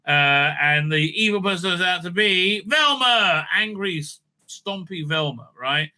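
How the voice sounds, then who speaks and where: Male reviewer, bright sharp voice, rambling exasperated recap. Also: sits high, lively intonation, measured pace. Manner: exasperated, rambling with many fillers. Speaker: video reviewer. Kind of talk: casual recap and commentary.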